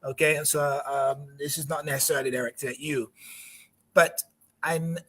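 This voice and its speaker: A male panelist weighing his words slowly and carefully on a talk show. His voice is a little higher than most men's, and he often hedges and restarts before he makes his point. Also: fairly even intonation, bright, forceful tone, husky. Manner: deliberate, careful, hesitant. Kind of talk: measured talk-show discussion.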